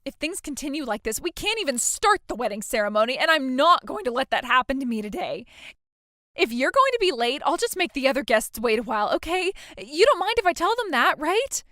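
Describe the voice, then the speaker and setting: A whiny, entitled young bride, played by a woman, stammering and demanding in a dramatized text-message story. Her voice sits high, and the recording is dry and close-miked. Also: very animated, a little fast, sharp tone, dry recording, exaggerated voice.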